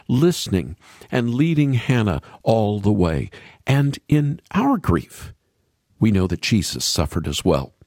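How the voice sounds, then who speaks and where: A man's voice: on the low side, dry recording, clean studio sound. Earnest man giving a radio devotional. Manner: earnest, reads scripture aloud. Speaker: radio Bible teacher.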